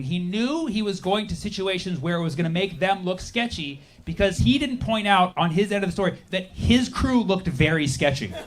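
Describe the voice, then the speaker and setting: A young man doing a stand-up comedy set, sarcastic, jumping into quick acted-out voices. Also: high voice, slight background noise. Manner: sarcastic, acts out characters in quick bursts. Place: comedy stage with a laughing audience.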